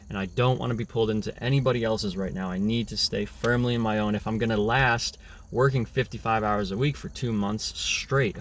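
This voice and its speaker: A young man talking through a casual, rambling reflective monologue, often restarting his words. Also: fairly low pitch. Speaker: vlogger.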